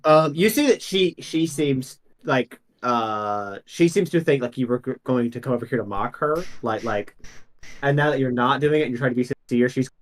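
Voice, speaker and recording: A man's voice: mid-range voice, expressive, normal speed. A young man narrating as game master of a tabletop game, casual and full of fillers, laughing often.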